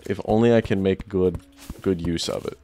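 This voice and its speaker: Excitable young man doing game commentary. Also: normal speed, slight background noise. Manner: excitable, swings into loud high-pitched outbursts. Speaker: gaming YouTuber. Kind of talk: excited let's-play commentary.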